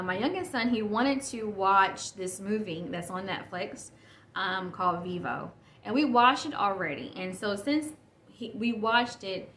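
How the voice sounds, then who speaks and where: Woman rambling on her podcast, mid pitch, roomy echo, little hiss behind. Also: a bit bright. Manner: rambling, self-correcting, chatty. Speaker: podcast host. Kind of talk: casual solo podcast talk. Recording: echoey room with faint noise.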